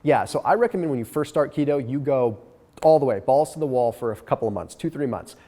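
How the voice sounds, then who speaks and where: A man with a cold answers viewer questions, his voice nasal and stuffed-up. He talks quickly in a mellow, dark tone and coaches in a direct way. A long reverb trails behind his words. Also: mid-range voice, lively intonation. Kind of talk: casual Q&A advice.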